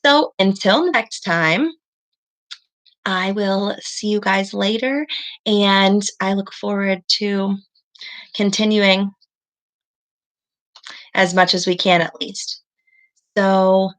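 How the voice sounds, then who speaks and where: Slow-speaking encouraging woman teacher. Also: mid-range voice, a bit bright. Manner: encouraging, slow and deliberate with children. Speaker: second grade teacher. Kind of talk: live-streamed online class.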